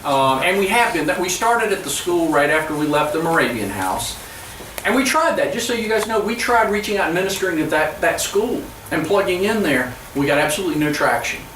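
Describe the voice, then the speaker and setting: A man speaking as a pastor, giving an earnest storytelling presentation to church leaders, with halting restarts. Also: on the high side, sing-song, a bit bright, slight background noise. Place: church hall. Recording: echoey room, from far off.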